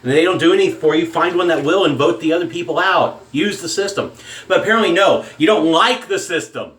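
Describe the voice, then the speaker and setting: A man with a drawl vents in a blunt, profane home-video rant. His voice sits a little high for a man. The sound bounces around a hard, echoey room. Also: a little fast, fairly bright tone. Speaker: shaving vlogger. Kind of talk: angry political rant.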